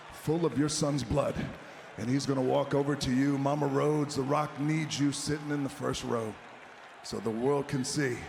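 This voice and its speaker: A man cutting a menacing wrestling promo, taunting an opponent and speaking of himself in the third person, swinging from low growls to shouts. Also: creaky. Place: large arena. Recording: roomy arena sound, faint crowd noise.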